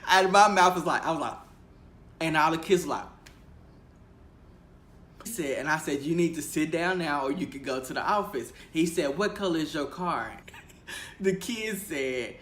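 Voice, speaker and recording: A young man, a teacher, telling stories from his first year in a casual, animated vlog, acting out the voices he quotes and laughing often. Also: mid-range voice, moderate pace. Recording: echoey room with faint ambient noise.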